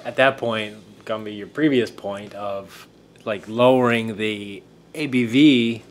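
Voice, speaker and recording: A man's voice: fairly low pitch, slow, a little hiss or hum. A man co-hosting a casual podcast, talking through his thoughts with easygoing asides. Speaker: podcast co-host. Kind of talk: casual chat.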